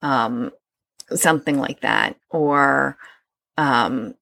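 A woman's voice: deep voice, measured pace, gravelly, no echo, clean studio sound. A woman hosting a solo podcast, talking conversationally with fillers and restarts. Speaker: podcast host.

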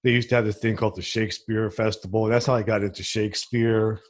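A man from New Jersey hosting a casual podcast interview, rambling in a relaxed way. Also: on the low side, fast talker. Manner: relaxed, rambling, many fillers. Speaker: podcast host.

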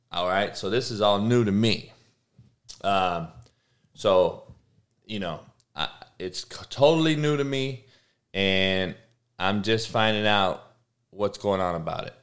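A man's voice: on the low side, fairly bright tone. Profane slangy podcast host man. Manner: profane, slangy, talks back to chat. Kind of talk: casual live-stream chat.

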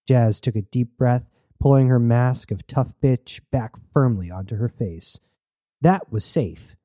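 Man narrating an audio drama in a dark voice. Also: medium pitch, unhurried, no echo, clean studio sound. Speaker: narrator and sole performer.

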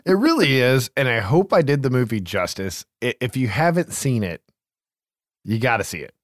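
Talking films on his podcast, a man keeps things casual and lively, laughing a lot and cursing without restraint. His voice is mid-range and his pace moderate, captured in clean, dry studio sound.

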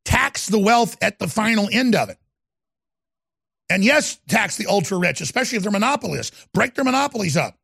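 A middle-aged man hosting a talk show, ranting about politics with sneering, loud bursts of emphasis. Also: sing-song, vocal fry, slightly rough, dry recording, clean studio sound. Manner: fast product pitching.

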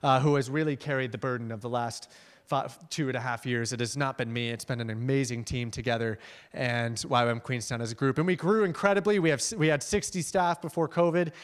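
A young man, a guest missions leader, gives a casual, animated conversational sermon, moving between emphatic high points and quiet asides with fillers and restarts. His tone is clean, and a long hall reverb fills the recording.

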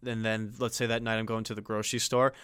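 Male co-host, low and even delivery, rambling casual talk. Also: quick pace, clean tone, no echo. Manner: rambling, full of "like" fillers. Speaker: podcast co-host. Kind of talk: casual chat.

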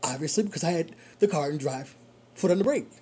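A rideshare driver telling a story in casual monologue, animated and repeating phrases for emphasis. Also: mid-range voice, quick pace, breathy edge.

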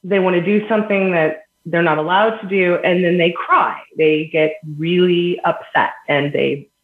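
Her voice lowish and steady at a normal pace, a woman being interviewed on a podcast earnestly explains her ideas with everyday examples, laughing between them. The audio is echoey, like a phone line.

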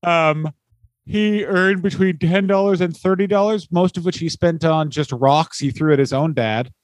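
A man's voice: a little high, normal speed, no echo. Joking Canadian man riffing in a dry room. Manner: riffing, profane, mock-acts quoted people. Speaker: podcast co-host. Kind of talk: casual comedic chat.

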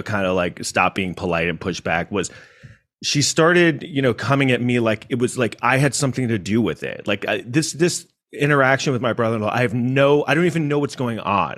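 A man telling a casual anecdote in a rambling way, often cutting himself off and restarting. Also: medium pitch. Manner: rambling, self-interrupting, animated. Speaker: storyteller.

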